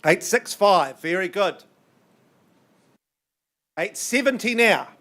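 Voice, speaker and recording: High-voiced man calling an auction. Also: expressive, pushed and bright. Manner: brisk, coaxing bid-calling with banter. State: strained, losing his voice. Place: auction room.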